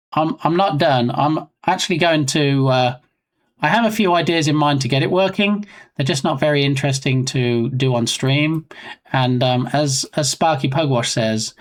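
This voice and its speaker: A man chatting casually on a live game development stream, rambling and self-mocking. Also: medium pitch.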